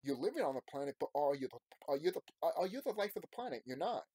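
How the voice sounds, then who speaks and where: A man's voice: on the high side, sing-song, quick pace, mellow, slightly rough, no echo. A man in his thirties talking casually and emphatically to his subscribers, rambling and repeating himself. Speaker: YouTuber. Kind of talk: casual unscripted monologue to subscribers.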